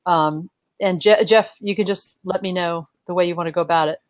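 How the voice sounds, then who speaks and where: A woman's voice: fairly low pitch, fairly even intonation, fairly quick, dry recording. A woman co-hosting a live audio call, chatty and effusive, a little flustered while handling the tech.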